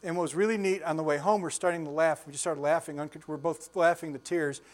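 A man's voice: a little high, steady tone, fast talker. Folksy chuckling older male preacher. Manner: folksy storytelling, chuckles often, asks listeners questions. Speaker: pastor. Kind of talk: conversational sermon.

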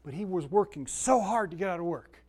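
A Sunday school teacher gives a casual, folksy Bible lesson, chatting with the room, posing questions to his listeners and telling stories. His voice sits high and is a little mellow and husky, with lively intonation and a brisk pace.

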